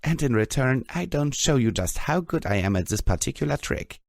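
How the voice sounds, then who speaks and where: Male reader voicing small defiant unicorn mare, pitched up, strained pleading delivery, dry read. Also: expressive, normal speed, vocal fry, no room sound. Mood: strained threat. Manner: strained, pleading, half-whispered. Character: small young female unicorn pony, plucky, defiant.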